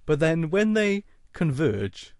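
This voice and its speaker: A man's voice: on the high side, big pitch swings, slow, darkish tone, no echo. Male co-host, dry close-miked, emphatic and opinionated. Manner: opinionated, emphatic complaints with a laugh in the voice. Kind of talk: casual chat.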